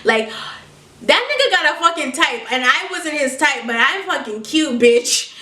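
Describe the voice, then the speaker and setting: A young woman telling a story in a casual vlog, animated, sassy and full of swearing. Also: sits high, moderate pace, roomy sound, distant mic. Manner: animated, profane, sassy and dramatic. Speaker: vlogger.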